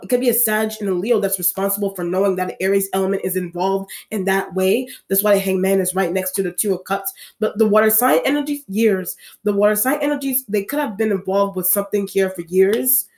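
A woman's voice: mid-range voice, a little mellow. Rambling woman giving a tarot reading. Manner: rambling, many restarts and repeated phrases. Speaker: tarot reader.

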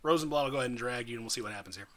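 A man running a tabletop game as dungeon master, narrating in a lively, animated way with many restarts. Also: medium pitch, racing. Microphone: podcast mic, slightly odd audio.

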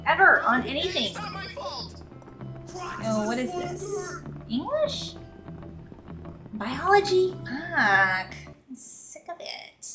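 A woman with a high voice talking to her stream while she plays, slow and unhurried. She grumbles, jokes sarcastically and swears freely, with game music playing clearly behind her. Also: very animated. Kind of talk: casual live-stream chat while gaming.

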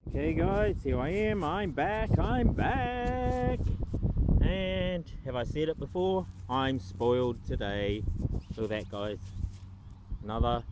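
Out in a blustery park, a New Zealand man metal detects and vlogs in a casual, upbeat way, joking around and poking fun at himself. He speaks a little slowly in a mid-range voice, and the recording is noisy with wind.

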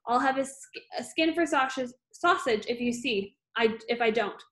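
A woman's voice: on the high side, normal speed, a bit bright, lightly acted. A woman reading aloud, voicing a bullying, scornful headmistress with a harsh, barking manner. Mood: ranting.

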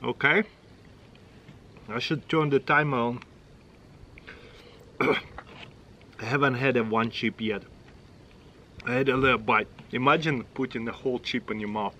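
Middle-aged Russian-accented vlog host, mid-range voice, talks in quick exclamations over a faint hum. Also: male voice, mid-range voice, bright, forceful tone, low-quality recording. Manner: chatty, exclaiming, short broken phrases. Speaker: channel host. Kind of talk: casual taste-test vlog.

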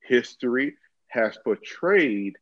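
A man's voice: mid-range voice, animated, slow pace, no echo. A man co-hosting a casual talk show, speaking earnestly and with emphasis. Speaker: co-host. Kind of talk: casual chat. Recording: dull lo-fi sound.

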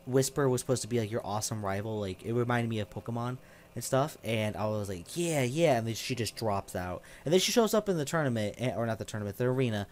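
A man's voice: mid-range voice, fast, darkish tone. A young man casually commenting while playing a game, rambling and enthusiastic with lots of fillers. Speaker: gameplay commentator. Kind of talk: casual let's play commentary.

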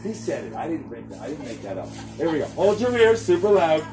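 Playing a clown for a children's birthday, a woman teases and jokes with the kids, laughing often, while a loud crowd of children shouts around her. She talks fairly quickly in a low, sing-song voice over music.

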